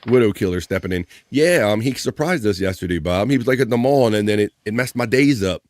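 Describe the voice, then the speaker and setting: A man's voice: on the low side, animated, a little fast, a little hiss or hum. Jokey man hosting a live stream. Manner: playful, jokey, shouting out viewers by name. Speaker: live-stream show host. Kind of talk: casual live-stream chat, reading viewer comments.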